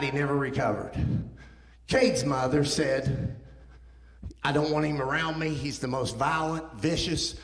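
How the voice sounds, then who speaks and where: A guest speaker in his thirties gives a testimony talk in a church sanctuary, telling his life story with mounting passion that climbs to near-shouting at its peaks. His voice is medium-pitched, and the recording carries the roomy reverb of the church hall.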